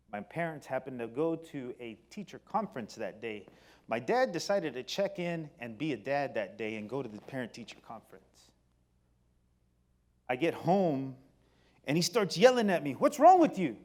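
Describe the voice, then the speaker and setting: A middle-aged man giving a personal storytelling talk on stage, animated, moving between loud excited bursts and quiet low passages. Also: normal speed. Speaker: company speaker. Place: stage before an audience.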